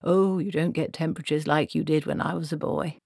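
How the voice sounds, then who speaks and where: Lady doing a tired grumbly old wizard guy, lowish voice, dry sound. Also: steady tone, fairly quick, gravelly, a little mellow, husky, no room sound, exaggerated voice. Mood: weary. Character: elderly weary male wizard, grumbling.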